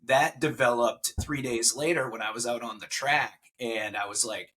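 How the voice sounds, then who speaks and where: Man in his forties, emotional storytelling, casual interview chat, bright voice. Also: medium pitch, moderate pace, hardly any pauses, slightly rough. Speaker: podcast guest.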